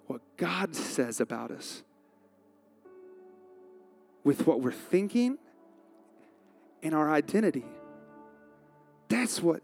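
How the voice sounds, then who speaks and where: Man, pastor, conversational sermon, animated delivery, slightly high voice, faint background music. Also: measured pace, creaky, pauses often. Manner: conversational, animated preaching with acted-out quotes.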